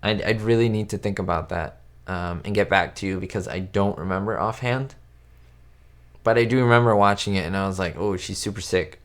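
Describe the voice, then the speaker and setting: A man's voice: on the low side, brisk. A man hosting a casual live stream, chatting with viewers and answering their questions in a rambling way, with lots of fillers and restarts. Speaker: YouTube host answering live chat. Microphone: webcam setup at home.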